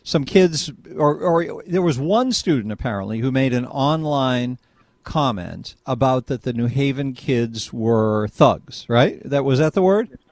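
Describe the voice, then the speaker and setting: A man hosting a call-in radio talk show, prodding his callers with quick, pointed questions. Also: medium pitch, animated, darkish tone, dry recording.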